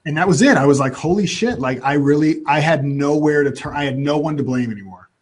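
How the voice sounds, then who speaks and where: A man, a guest in an interview, telling a personal story in an animated way and often restarting his sentences. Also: fairly high pitch, fast, breathy edge.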